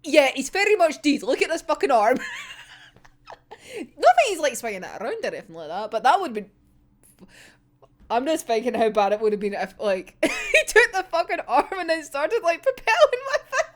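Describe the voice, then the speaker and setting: A woman's voice: high voice, moderate pace. A young woman casually recapping a manga chapter, rambling and swearing, breaking into frequent laughter. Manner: excitable, rambling, swears a lot, laughs often. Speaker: manga reaction vlogger.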